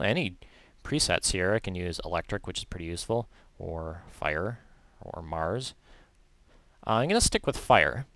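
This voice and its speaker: A man walking through a software tutorial in a relaxed, chatty way, correcting himself and adding light asides. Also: lowish voice, smooth, dry recording. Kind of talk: screen-recorded software tutorial.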